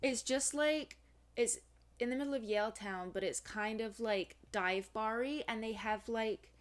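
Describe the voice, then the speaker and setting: A woman's voice: on the high side, measured pace. A woman co-hosting a podcast, telling stories chattily with lots of fillers and teasing asides. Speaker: podcast co-host. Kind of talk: casual chat.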